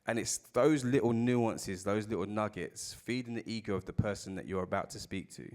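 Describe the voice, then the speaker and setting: A man with a South London accent talks on a live festival panel, his voice sitting a little low. He tells candid stories about work, loose and conversational, and drops the odd swear word. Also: normal speed. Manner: candid storytelling with casual swearing. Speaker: panel speaker.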